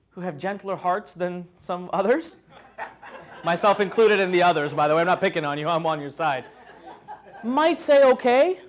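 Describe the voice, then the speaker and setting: A man speaking to a live workshop audience as a motivational speaker, telling stories animatedly, acting out scenes and joking with the room. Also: high-pitched. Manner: animated storytelling, acts out scenes, jokes with the audience. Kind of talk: live motivational seminar talk.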